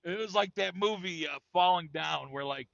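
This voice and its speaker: This podcast co-host from New York, cursing and saying "dude" constantly, tells a casual funny story in a high-pitched, gravelly, slightly bright voice at normal speed. There's no echo, though the highs are cut off.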